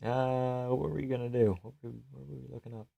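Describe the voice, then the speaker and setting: A young man hosts a live stream from home, rambling and joking as he reads out viewer chat. His voice sits at an ordinary middle pitch, and the sound is close and dry with no room behind it. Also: fairly even intonation, a little fast, creaky, warm tone, no room sound. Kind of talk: casual live-stream commentary.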